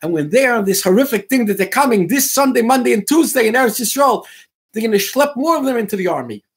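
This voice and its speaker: A man hosting a radio talk show, speaking with fire, acting out dialogue in quick bursts and mixing in Hebrew and Yiddish words. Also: very high-pitched, animated, slightly rough. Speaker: radio host.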